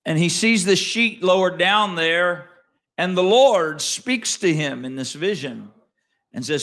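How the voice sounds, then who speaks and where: Pastor, male, fairly high voice, dramatic delivery that jumps from soft asides to loud emphasis, conversational questions to the congregation. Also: animated, slow pace. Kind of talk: sermon.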